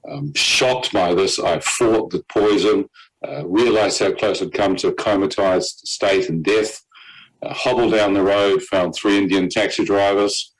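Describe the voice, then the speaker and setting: A man's voice: on the low side, a little slow, low-quality recording. A man telling his own story as a testimony. He acts out the voices of the people he quotes and laughs between lines.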